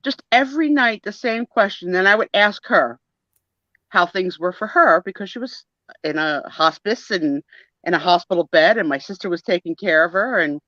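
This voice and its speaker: A woman co-hosting a live photo sale, chatting warmly and telling a story with laughs. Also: fairly low pitch, no room sound. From Italian-American family. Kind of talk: casual livestream chat. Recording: dull dry sound of a video call.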